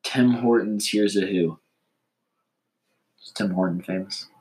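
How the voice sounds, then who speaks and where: A man's voice: on the low side, a little mellow, low-quality recording. A man co-hosting a casual comedy chat, making wry, teasing remarks about the jokes they read. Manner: wry, teasing, quick to joke. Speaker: co-host.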